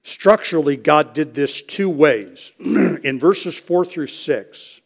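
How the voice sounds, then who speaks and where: A man's voice: on the high side, lively intonation, slow, vocal fry, hardly any pauses. A man preaching an expository sermon, speaking emphatically and repeating key phrases for stress.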